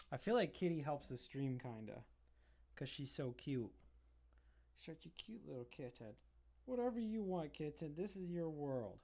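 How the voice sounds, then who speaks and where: A man's voice: fairly high pitch, creaky, darkish tone. A man live-streaming his drawing, rambling casually and chatting fondly to his cat between remarks about the work.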